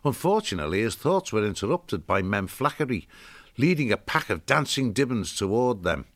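A man with a very deep voice reads a storybook aloud, measured and expressive. He sits close to the mic, and the sound is bone-dry with no room around it. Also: no room sound. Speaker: narrator. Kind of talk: storybook narration.

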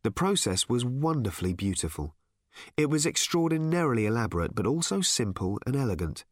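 A man narrating a story aloud in a wry, measured way. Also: mid-range voice, very animated, no echo, studio quality. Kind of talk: audiobook narration.

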